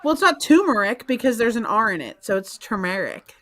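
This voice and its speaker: Brief: female co-host, fairly high and very lively pitch, insistent and argumentative in casual chat. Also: fast, a little hiss or hum. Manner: insistent, argumentative, spells words out. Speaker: co-host of a live reselling stream.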